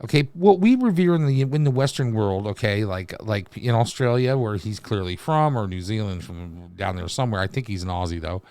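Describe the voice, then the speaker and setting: A man's voice: fairly low pitch, lively intonation, a little fast, few pauses, a little mellow, dry recording. A man hosting a reaction video, ranting in a crude, mocking way with constant swearing. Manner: crude, mocking, rambling rants with heavy swearing. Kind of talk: profane reaction commentary.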